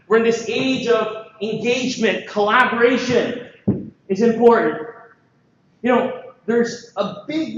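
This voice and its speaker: Man from the Philippines, high voice, joking conference speaker, heavy echo, dull sound. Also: a little hiss or hum. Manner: lively, joking, full of rhetorical questions. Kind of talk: energetic conference presentation. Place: large conference hall. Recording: echoey, dull hall recording.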